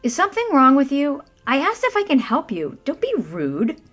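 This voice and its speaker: A woman voicing an impatient, bossy pig farmer who talks in a brisk, raised voice. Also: fairly high pitch, sing-song, fairly bright tone, faint music behind, pitched above the performer's own voice. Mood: snappy.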